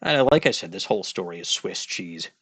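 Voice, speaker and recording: A let's play host from the Midwest jokes and rambles through a courtroom game, often interrupting himself. His deep, husky voice has a fairly bright tone and lively intonation, and he talks a little fast. The recording is dry.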